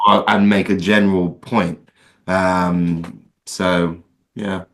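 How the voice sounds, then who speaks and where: Low-voiced actor making a thoughtful case. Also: male voice, flat delivery, slow, a bit bright, slight background noise. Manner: thoughtful, builds arguments, rises sharply on emphasis. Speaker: actor, podcast guest. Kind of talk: casual interview conversation.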